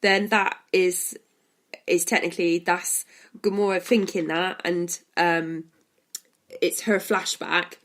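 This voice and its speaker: A woman's voice: lowish voice, little pitch movement, takes it slowly, a bit bright. A woman, co-hosting a podcast and chatting casually about a film, retelling scenes and laughing often. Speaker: podcast co-host. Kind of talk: casual film review chat.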